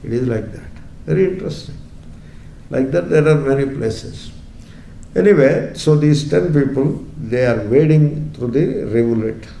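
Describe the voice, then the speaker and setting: A man's voice: medium pitch, lively intonation, moderate pace, vocal fry, mellow. A man teaching a Vedanta class through a story, wry, with rhetorical questions and chuckles. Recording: echoey room, faint background noise.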